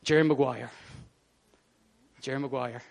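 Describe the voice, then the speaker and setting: A man preaching a casual, animated sermon in a church, often laughing and acting out scenes. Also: medium pitch, a little slow, creaky. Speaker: pastor. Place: church hall.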